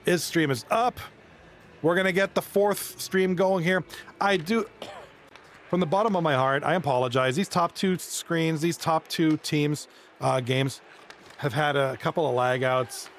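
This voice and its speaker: Male live streamer, chatty and excitable, slightly raised pitch. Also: a little slow, a little hiss or hum. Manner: rambling, excitable, chats with viewers. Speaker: live streamer and league commentator. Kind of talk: casual live-stream chat.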